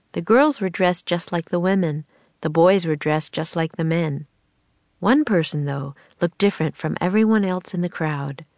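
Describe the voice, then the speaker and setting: Woman with a low voice reading a children's story. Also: no room sound. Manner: steady reading voice with character voices. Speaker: storybook narrator. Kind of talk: scripted narration of a children's book.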